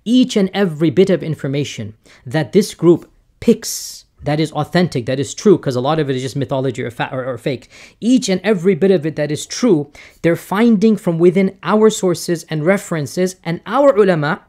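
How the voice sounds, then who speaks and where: A man's voice: on the high side, expressive, normal speed, mellow. A man who is an Islamic scholar, giving an emphatic, defensive video statement with repeated phrases. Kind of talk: lecture-style video statement.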